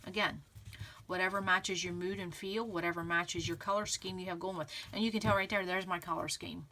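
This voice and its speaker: Clearing her throat from pollen, a scrapbooking channel host walks viewers through a tutorial in a casual, encouraging way, repeating "okay" and "again" often. She speaks briskly in a lowish, bright, forceful voice with fairly even intonation.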